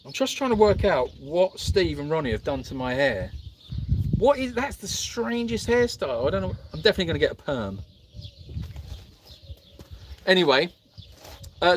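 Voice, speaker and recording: A playful middle-aged man hosting a live stream, his voice bouncing up and down with lively animation. He teases his co-host and hams it up with mock accents, sitting a touch higher in pitch than most men. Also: moderate pace, long pauses, slight background noise. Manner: jokey, teasing, slips into mock accents.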